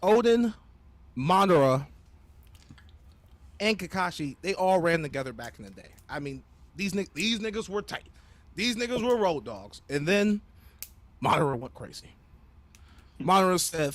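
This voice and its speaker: A young man telling a story in casual, profane slang, animated and loose. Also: high voice, normal speed, pauses often. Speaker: podcast panelist.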